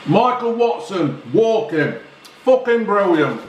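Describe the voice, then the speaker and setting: The recording is lo-fi, with slight background noise and an echoey room, capturing a middle-aged man's high-pitched voice swinging widely in pitch at a slow pace. He vlogs casually about newspaper stories, blunt, ranting and swearing a lot.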